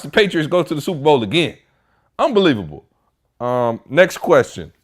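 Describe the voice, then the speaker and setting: A man's voice: a little high, sing-song, moderate pace. A man co-hosting a podcast, reading listener questions in a casual chat with joking, exasperated rants. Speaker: podcast co-host.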